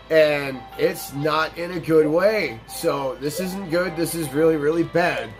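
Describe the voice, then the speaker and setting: A young man with a somewhat high voice talks over a game, swearing freely and circling back on himself as he tells a long story. Faint game music plays behind him. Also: unhurried, hardly any pauses, fairly bright tone. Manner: profane, rambling, emphatic storytelling. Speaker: let's play host. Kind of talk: casual storytelling over gameplay.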